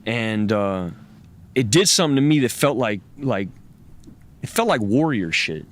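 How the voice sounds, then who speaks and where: A man with a lowish, animated voice speaks unhurriedly as an interview guest. He tells a personal story candidly, raw, profane and intense, acting out what other people said.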